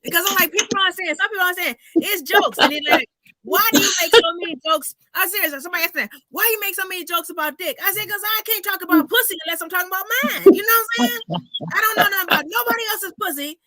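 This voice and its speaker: A woman comedian telling stories in a casual chat, animated and salty, acting out the people in them. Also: very high-pitched, fast, crowd noise. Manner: animated storyteller, acts out voices, swears freely.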